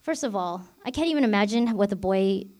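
A woman's voice: mid-range voice, animated, brisk, darkish tone. A woman deacon giving an informal bible teaching, chatty and full of fillers like "you know" and "like". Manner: chatty, filler-heavy, self-revealing.

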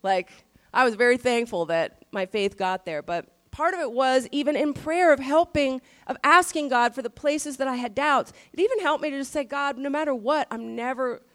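A middle-aged woman pastor giving a sermon in a conversational style, stressing key phrases slowly. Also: high-pitched, fairly bright tone.

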